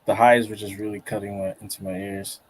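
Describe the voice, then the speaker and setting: A man co-hosting a music reaction stream, giving blunt, halting feedback in casual chat. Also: lowish voice, flat delivery, a crowd in the background. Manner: blunt, hesitant restarts. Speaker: co-host reviewing listener tracks.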